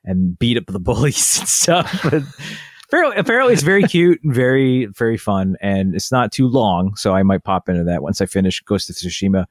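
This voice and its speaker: A man's voice: on the low side, lively intonation, fairly quick, no echo, clean studio sound. A man co-hosting a casual chat, explaining at length in a rambling, chatty way. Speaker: podcast co-host.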